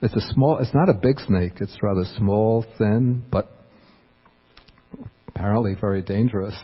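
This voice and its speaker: A man's voice: fairly low pitch, normal speed, slightly rough. A man who is a Buddhist monk, telling a personal story in a dharma talk and chuckling often as he goes. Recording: dull lo-fi recording.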